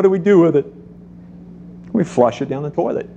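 A middle-aged man preaching a sermon to a congregation, telling stories in a lively way and acting out the voices in them. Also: fairly high pitch, moderate pace, gravelly, pauses often, a little hiss or hum. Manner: animated storytelling, acts out voices. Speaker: pastor.

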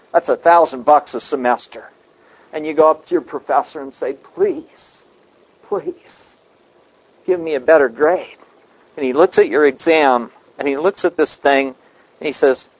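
A man's voice: on the high side, darkish tone, lo-fi sound. A man preaching a sermon, emphatic, asking rhetorical questions and repeating his key points.

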